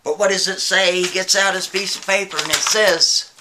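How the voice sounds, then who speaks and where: A man's voice: sits high, steady tone, normal speed, pushed and bright, slight background noise. A man telling a spooky story in a casual way, often checking in with the listener. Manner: casual, keeps asking "right?".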